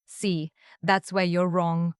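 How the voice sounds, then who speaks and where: A man's voice: high voice, little pitch movement, slow, clear, resonant tone, no room sound, studio quality. A woman voicing a smug, scheming ex-husband who taunts. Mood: taunting. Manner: taunting, pleased with himself.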